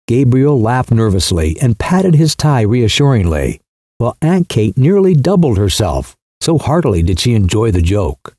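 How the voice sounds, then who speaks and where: A man's voice: mid-range voice, sing-song, moderate pace, dark tone, dry recording, clean studio sound. A man narrating a literary short story as an audiobook, shifting his voice for the characters.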